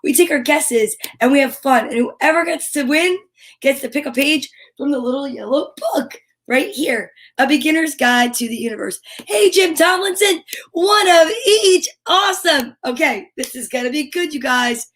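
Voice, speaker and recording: Bubbly lady hosting a live stream, high voice, lots of gasps and little whispers. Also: expressive, normal speed, fairly bright tone. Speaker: storytime host. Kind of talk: cheerful live-stream chat.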